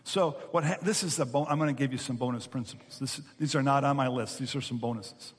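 A man preaching a sermon as a pastor, animated and acting out the voices of the story's characters. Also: medium pitch, quick pace, big-room sound.

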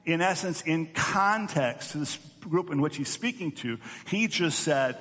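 Male pastor, earnest teaching sermon, slightly raised pitch, long hall echo. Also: animated, a little slow, a bit bright. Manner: earnest teaching, repeating words on restarts.

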